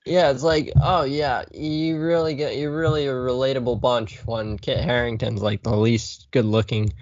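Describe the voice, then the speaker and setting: A man's voice: mid-range voice, steady tone, moderate pace, a little mellow, dry recording. Dry, dull-sounding joking man. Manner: joking, profane, rambling. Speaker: podcast co-host. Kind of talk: casual movie discussion.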